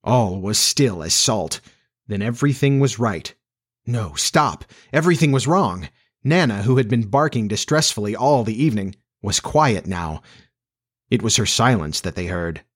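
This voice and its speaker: A man reading a classic children's story aloud as narrator, measured and expressive. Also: fairly low pitch.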